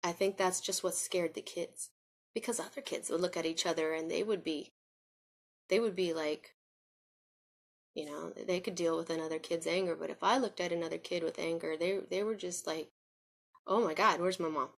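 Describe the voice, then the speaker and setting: A woman with a slightly low voice speaks to her camera about her own life. She drifts and circles back, restarting sentences and leaning on fillers. Her tone stays earnest and confiding. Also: steady tone, moderate pace, vocal fry. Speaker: vlogger. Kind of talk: personal spoken reflection.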